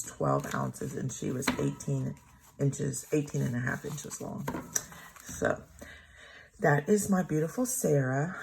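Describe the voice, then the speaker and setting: A middle-aged woman tells a long personal story in a loose, rambling way while she decorates her planner. Her voice sits low and has a gravelly edge, and she laughs often. A faint hiss runs under the recording. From Texas. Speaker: planner vlogger.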